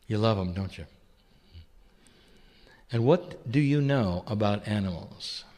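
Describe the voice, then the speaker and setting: Man giving a lively channeled spiritual talk. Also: on the low side, slow, in a large hall. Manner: gentle rhetorical questions, calls listeners "dear one".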